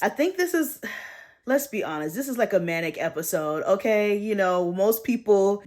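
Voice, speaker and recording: A young woman rambling in a casual late-night vlog from her bedroom, slangy and laughing at herself. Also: on the low side. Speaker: vlogger.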